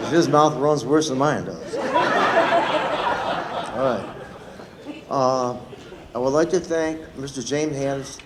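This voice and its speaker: A man serving as a veterans' post commander, giving an unscripted ceremony speech and reading a poem. He talks haltingly and gets choked up. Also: medium pitch, noisy background. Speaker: American Legion post commander. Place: outdoor public ceremony.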